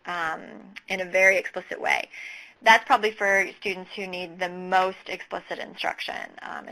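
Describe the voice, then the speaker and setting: A woman talks through a teaching webinar with a gravelly edge to her voice. Her tone is bright and a little tense. She explains each lesson step methodically, pausing on an occasional "um.". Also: on the low side, rough recording. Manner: walks through teaching steps methodically, with fillers. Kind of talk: explanatory webinar talk over slides.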